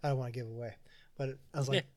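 A man's voice: mid-range voice, racing. A young man co-hosting a casual podcast, telling stories with lots of laughter and acted-out quotes. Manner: animated storyteller, laughs often, acts out movie lines. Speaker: podcast co-host. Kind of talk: casual chat.

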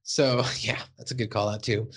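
A man hosting a casual podcast, retelling scenes with lively energy. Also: fairly low pitch, moderate pace, breathy edge. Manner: animated, acts out cartoon voices while retelling scenes. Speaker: podcast host.

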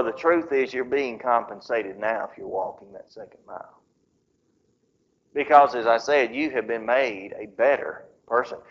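A man preaching a sermon, telling a story with dramatic pauses, on a dull lo-fi recording. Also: sits high, a bit bright.

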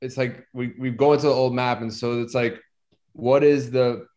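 A man in a workshop sharing an experience, halting and searching for words as he talks. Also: mid-range voice, fairly even intonation, a little mellow. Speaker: workshop participant.

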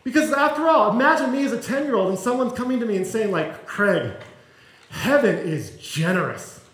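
A man with a high voice preaches a sermon, chatty and self-deprecating, joking as he goes. The sound is echoey, as if from a church sanctuary. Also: lively intonation, quick pace, a bit bright. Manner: conversational and self-deprecating, with humor. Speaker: pastor.

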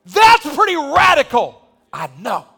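High-voiced man preaching with rising fervor. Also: wildly swooping pitch, unhurried, gravelly, over music. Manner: impassioned preaching that builds to shouting. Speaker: pastor. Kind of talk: sermon. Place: church sanctuary.

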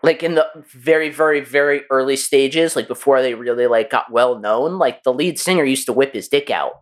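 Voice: medium pitch, moderate pace. A podcast co-host chatting casually, rambling and swearing, with a lot of "like" in every sentence. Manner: rambling, swears often, many "like"s.

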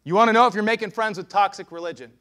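A pastor preaching a sermon with passion, swinging between hushed lines and loud shouts. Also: male voice, high voice, racing.

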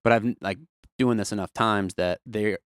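A talkative man with a fairly low voice and a candid, easygoing way of speaking. He tells lively stories about his work as a production manager and drops in the odd swear word. The sound is dry and close, with no room echo. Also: normal speed, clean tone. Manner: chatty, candid, animated storyteller with casual swearing. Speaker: production manager at a music venue. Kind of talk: casual interview conversation.

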